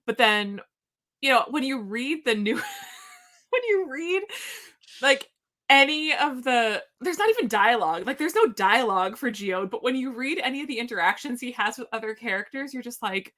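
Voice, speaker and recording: Gushing chatty woman with a bright voice. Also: on the high side, moderate pace. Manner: excitable, gushing, rambling with many fillers. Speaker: podcast co-host. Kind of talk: casual chat.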